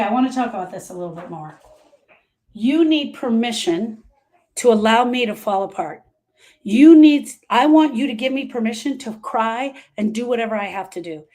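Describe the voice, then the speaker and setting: A woman speaking as a grief specialist to her online audience. Her voice is mellow and a little high, and she drives her points home by repeating short, direct lines of advice. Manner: emphatic, repetitive, direct advice. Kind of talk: live talk to viewers.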